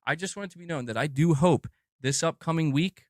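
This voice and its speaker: A man ranting on a podcast, heated and profane, worked up and fast to vent. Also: a little high, no room sound, clean studio sound.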